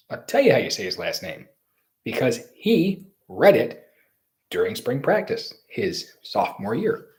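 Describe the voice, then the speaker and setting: A man's voice: mid-range voice, a little mellow. A man giving solo football draft commentary in an opinionated, rambling and emphatic way. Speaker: sports commentator.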